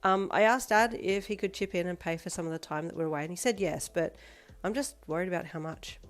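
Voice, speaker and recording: A woman voicing a playful, energetic teenage girl who talks loudly and teases. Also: lowish voice, fairly quick, close to an everyday voice. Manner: bright, loud and teasing.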